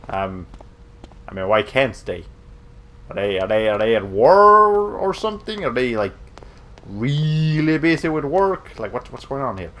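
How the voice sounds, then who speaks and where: A young man commentating on a game stream in a rambling, jokey way with quick asides. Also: medium pitch, sing-song, a bit bright. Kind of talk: let's play commentary.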